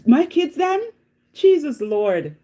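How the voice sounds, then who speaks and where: Animated Jamaican woman telling stories. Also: high-pitched, slow. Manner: animated, dramatic, exclamatory storytelling. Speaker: vlogger. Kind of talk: casual storytelling chat.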